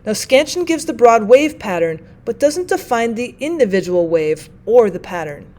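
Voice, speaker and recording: A woman's voice: fairly high pitch, big pitch swings, a little mellow. A woman teaching a lesson in a methodical, explanatory way. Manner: methodical, reads examples slowly. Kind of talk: explanatory lecture.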